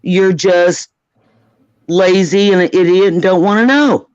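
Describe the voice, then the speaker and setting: A woman's voice: on the low side, unhurried, a little mellow, no echo. Middle-aged woman, blunt, emphatic, casual chat, muffled call audio.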